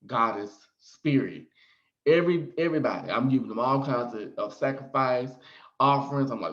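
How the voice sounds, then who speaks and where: A man's voice: medium pitch, expressive, normal speed, fairly bright tone, muffled recording. A man telling a frank personal story to his viewers in a casual, theatrical way, acting out his own reactions. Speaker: storyteller vlogger.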